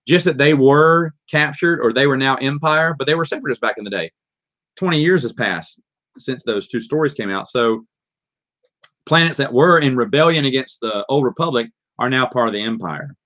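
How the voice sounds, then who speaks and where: A man's voice: mid-range voice, a bit bright. A man with a Southern accent hosts a live question-and-answer stream, reading viewer questions aloud and talking them over in a loose, rambling way. His voice sits in a middle range. The sound is dull and lo-fi, like cheap stream audio. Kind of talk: casual live Q&A.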